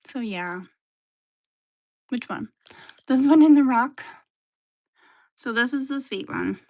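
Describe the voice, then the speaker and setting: A woman chatting casually on a livestream at home while showing her pets, soft-spoken, sighing often and slipping into whispers. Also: a little high, lively intonation, slow pace.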